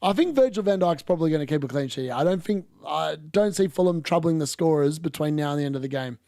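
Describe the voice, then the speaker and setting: A man's voice: on the high side, animated, quick pace, mellow, dry recording, clean studio sound. A man hosting a football watch-along, chatting casually and bluntly over live play with mild swearing. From Australia. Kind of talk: casual live match commentary.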